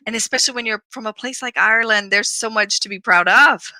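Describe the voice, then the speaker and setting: A woman's voice: a little high, fast talker, bright, forceful tone, no echo, poor audio. A woman from Louisiana hosting a casual live chat, enthusiastic and encouraging. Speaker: host.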